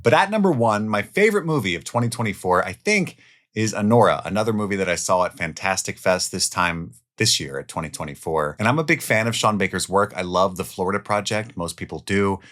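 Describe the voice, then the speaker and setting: A man hosting a film countdown, talking casually and with enthusiasm, swearing now and then, and moving between loud highs and quiet asides. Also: expressive, brisk. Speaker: film reviewer. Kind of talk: casual spoken movie countdown.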